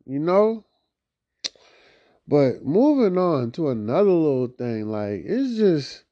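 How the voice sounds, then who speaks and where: A young man hosting a solo podcast, venting in a loud, profane, animated way that swings between high outbursts and low mutters. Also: dry recording. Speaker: podcast host. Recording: dull lo-fi dry recording.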